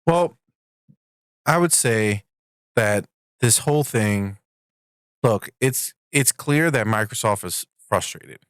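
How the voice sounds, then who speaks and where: Low-voiced man, dry recording. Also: animated, slow pace, pauses often, clean tone, no room sound. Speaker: podcast co-host. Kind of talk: casual gaming news chat.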